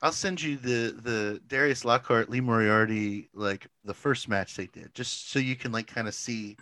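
A man's voice: medium pitch, normal speed, sharp tone, no room sound. A man co-hosting a casual podcast, telling a long story with lots of "like" fillers and frequent laughter. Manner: rambling storyteller, many "like" fillers, laughs often. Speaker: podcast co-host. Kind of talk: casual chat.

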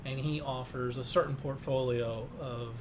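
A man's voice: medium pitch, fairly even intonation, normal speed, a little hiss or hum. A man hosting a casual podcast interview, joking and laughing often, with rambling restarts. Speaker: podcast host.

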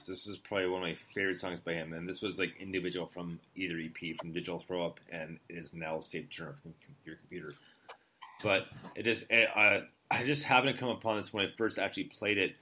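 A man's voice: sits low, fairly even intonation, brisk, sharp tone, slight background noise. A man hosting a music radio show, chatting casually with a rambling, laid-back manner and plenty of fillers. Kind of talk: casual chat.

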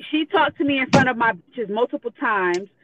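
A woman phones in as a guest on a live call, her voice a little high with lively intonation at a moderate pace. She reads messages aloud bluntly and with plenty of profanity, laughing between them. A loud crowd can be heard, and the phone line sounds tinny.

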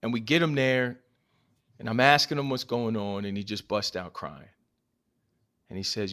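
A man's voice: mid-range voice, moderate pace, pauses often, a bit bright. A man speaking as a podcast guest and advocate, telling personal stories in an earnest, emphatic way and repeating phrases for stress. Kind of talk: impassioned personal storytelling.

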